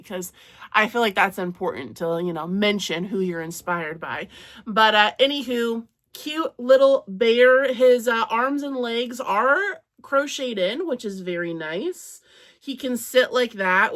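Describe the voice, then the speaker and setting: A woman's voice: on the high side, pushed and bright. A woman chatting casually to camera about her crochet projects, rambling and self-deprecating. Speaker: crochet vlogger.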